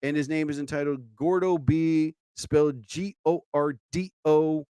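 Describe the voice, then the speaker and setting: A rambling, chatty man hosts his own live show, his slightly high voice smooth and clear. He talks close to the mic in a dry space, drifting through asides and filler. The feel is loose and unscripted. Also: fairly even intonation, measured pace, dark tone, dry recording. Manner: rambling, chatty, many "you know" asides. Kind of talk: casual live-stream monologue.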